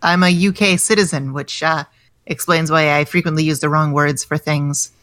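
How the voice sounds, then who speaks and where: A woman's voice: sits low, fairly even intonation, normal speed, a bit bright, no echo, clean studio sound. An American woman in her thirties, a comedian chatting casually as a podcast guest, self-deprecating and full of restarts. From United States.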